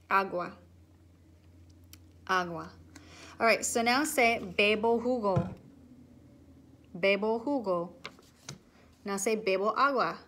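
A woman teaching children, speaking patiently and pausing so they can repeat each word after her. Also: mid-range voice, a bit bright. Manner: slow, patient, drills words and waits for repeats. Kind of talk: recorded classroom lesson, call and repeat.

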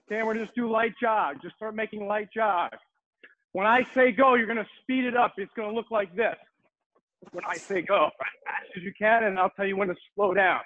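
A man's voice: high-pitched, brisk, a bit bright. Man coaching drills over a tinny call. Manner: upbeat coaching, calling drills. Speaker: guest martial arts instructor. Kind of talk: online fitness class instruction. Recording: tinny video-call audio.

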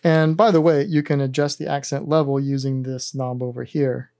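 A man hosting a synthesizer tutorial, calmly talking through each button press in a methodical step-by-step demonstration. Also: mid-range voice, moderate pace, dry recording, studio quality.

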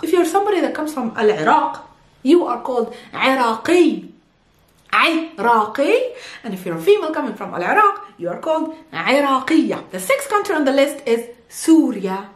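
Native Arabic-speaking woman from Palestine, patient language teacher with a lively delivery, recorded in an echoey room. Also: a little high. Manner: explains patiently, repeats words slowly for pronunciation. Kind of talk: video language lesson.

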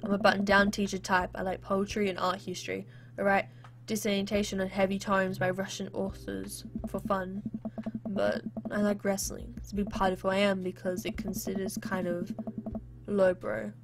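Woman reading as a soft-spoken bookish teacher dad. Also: mid-range voice, level tone, normal speed, creaky, noisy background, lightly acted. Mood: earnest. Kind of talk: reading a game's dialogue aloud. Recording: game music playing behind.

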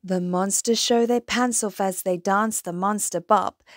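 A woman reading a rhyming children's picture book aloud in a slow, rhythmic way. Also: medium pitch, fairly even intonation, no room sound, clean studio sound. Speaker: storyteller.

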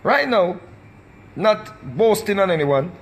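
A man's voice: high-pitched, sing-song, slow pace. A man with a Jamaican accent, a recording artist, delivering an emphatic, repetitive vlog rant in a preaching manner.

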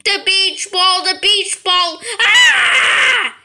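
A woman's voice: high voice, slow, heavy background noise. A woman doing a wailing, tantrum-throwing little boy. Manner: crying and screaming.

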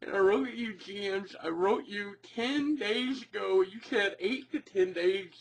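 A man's voice: sits high, measured pace, low-quality recording. An actor playing a tearful young male gamer who rants and curses while crying. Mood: raging. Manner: sobbing rant full of cursing.

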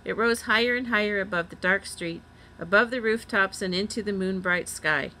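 A woman reads a children's chapter book aloud in a clear, bright voice at a middle pitch. She lifts her voice a little for the children's lines. A faint hum sits under the recording. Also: normal speed, rough recording. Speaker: reader. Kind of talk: storybook read-aloud.

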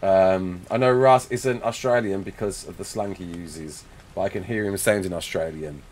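With a deep, slightly mellow voice and a moderate pace, a young Englishman chats his way through a live game stream. He reads viewers' comments out loud and answers them, using a desk mic and face cam. There's slight background noise.

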